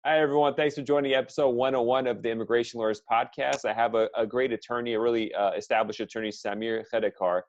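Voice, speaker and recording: A man's voice: medium pitch, fairly even intonation, quick pace, hardly any pauses, lo-fi sound. A man hosting a legal podcast, talking casually with many fillers as he interviews a guest. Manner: friendly, filler-heavy, chatty. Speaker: podcast host.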